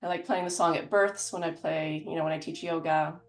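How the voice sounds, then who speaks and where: A woman teaching a casual guided meditation from her home over a video call, in an informal, chatty and gently encouraging way. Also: low-pitched, steady tone, brisk, few pauses, echoey room, soft background music.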